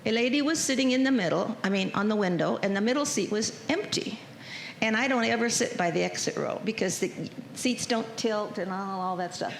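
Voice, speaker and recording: A woman's voice: mid-range voice, expressive, a little fast, gravelly. An older woman telling a chatty, folksy personal testimony to a church congregation. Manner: chatty, folksy storyteller, emotional. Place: church sanctuary. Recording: echoey church hall with faint noise.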